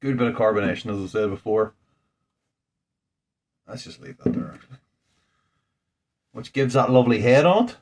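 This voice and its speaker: A man's voice: medium pitch, moderate pace, long pauses, a little mellow. A man, a home brewer, talking casually through a beer tasting in a rambling, thinking-aloud way, indoors at home. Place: indoors at home under a ring light.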